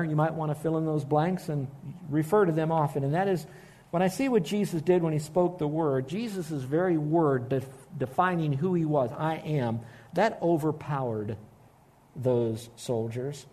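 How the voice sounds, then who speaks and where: Emphatic preaching man, mellow tone. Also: fairly high pitch. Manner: earnest, emphatic, slows down to stress key phrases. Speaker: pastor. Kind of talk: sermon.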